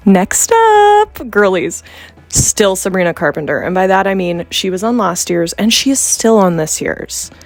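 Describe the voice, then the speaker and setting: A young woman from Canada talks straight to camera in a relaxed, joking way, full of playful asides and teasing tangents. Her voice sits at an ordinary middle pitch, with soft music playing faintly underneath. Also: unhurried. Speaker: vlogger. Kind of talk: casual chat to camera.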